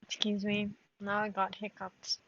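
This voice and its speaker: A woman's voice: medium pitch, completely flat delivery, unhurried, fairly bright tone. A woman streaming live, chatting to her cat in a giggly, baby-talking way. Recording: dull lo-fi stream audio.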